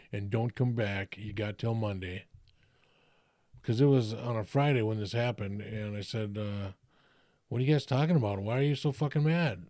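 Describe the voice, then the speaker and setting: A man's voice: medium pitch, dark tone, no echo, clean studio sound. A middle-aged man telling a story from his own life in a blunt, profane, plain-spoken way. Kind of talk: casual first-person storytelling.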